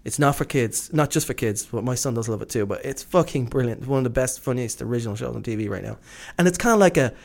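A man's voice: medium pitch, fast talker, gravelly, hardly any pauses. A man from Britain co-hosting a casual conversation. He rambles enthusiastically, restarting sentences and leaning on fillers. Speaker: podcast co-host. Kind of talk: casual chat.

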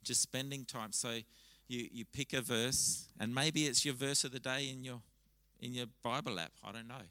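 A man preaching a sermon at a church service, talking conversationally and telling stories with lively restarts. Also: medium pitch, normal speed, hardly any pauses, no echo, low-quality recording. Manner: conversational, animated storytelling with frequent restarts. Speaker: pastor.

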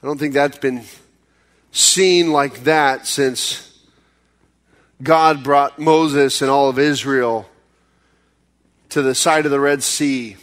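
A pastor preaching a sermon in a conversational way, acting out pleas in sudden high bursts and dropping low and slow for serious points. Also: male voice, fairly even intonation, a bit bright.

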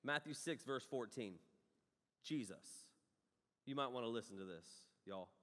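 A man, preaching a sermon in an animated storytelling way, swinging between loud outbursts and quiet asides. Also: medium pitch, unhurried. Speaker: pastor. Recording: long hall reverb.

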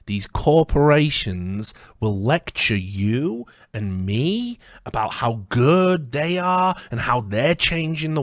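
A man's voice: medium pitch, no room sound, clean studio sound. A man hosting a commentary video, delivering an angry rant full of swearing and rhetorical questions.

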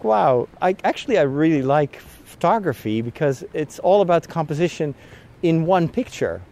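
Out on a walk, a man vlogs in a fairly high, slightly mellow voice. He rambles and chats with frequent laughs, sounding a little out of breath from walking outdoors.

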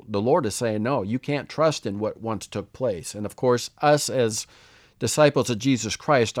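Man, Bible teacher, conversational podcast teaching, lowish voice, dry close sound. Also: no room sound. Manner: conversational, asks "right?" often.

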